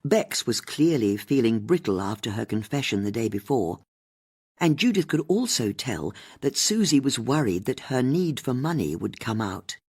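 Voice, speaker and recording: An audiobook narrator reading a mystery novel in an expressive storytelling manner. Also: mid-range voice, normal speed, slightly rough.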